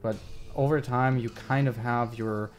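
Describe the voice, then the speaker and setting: Brief: male live streamer, casual, thinks aloud with plenty of fillers, middle pitch. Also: fairly even intonation, unhurried, faint music behind. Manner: thinks aloud while working, rambling with many fillers. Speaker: video essayist live-streaming his editing.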